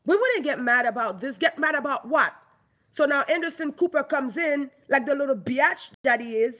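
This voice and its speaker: A Haitian woman rants angrily in her own online video, heated, mocking and heavy on profanity. Her voice sits high and sounds animated and fairly bright, at a moderate pace.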